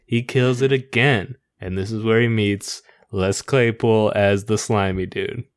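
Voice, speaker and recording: A man's voice: on the low side, fairly even intonation, a little slow, smooth. A man co-hosting a podcast in casual chat, loosely retelling scenes and laughing often. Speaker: podcast co-host.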